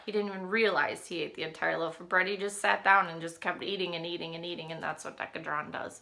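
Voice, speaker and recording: In her video diary, the same woman talks about looking after her ill husband, her voice bright and gravelly yet fairly low, steady, and moderately paced. Emotion often pulls her down to a near whisper.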